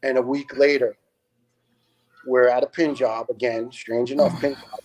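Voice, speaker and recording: A man's voice: medium pitch, a little slow, a little hiss or hum. Blunt, earnest storytelling middle-aged man. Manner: animated, acts out quoted dialogue. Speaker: retired fire lieutenant, podcast guest. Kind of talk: emotional first-person storytelling on a podcast.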